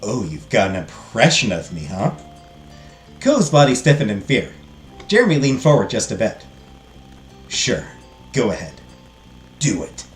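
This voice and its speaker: A man doing a bored, deadpan teen boy. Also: fairly low pitch, measured pace, pauses often, echoey room, faint music behind. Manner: flat, deadpan, dispassionate. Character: bored, blunt teenage boy, mocking and deadpan.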